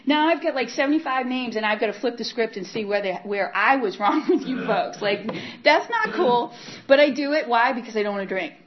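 Woman, personal testimony, candid, halting, repeats herself, dull muffled recording. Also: on the high side, lively intonation. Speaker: speaker sharing her recovery story.

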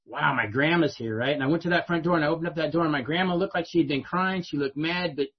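A man's voice: on the high side, fast talker, breathy edge, muffled recording. A middle-aged man telling his own life story to an audience in a conversational way, often asking "right?". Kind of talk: personal storytelling speech to an audience.

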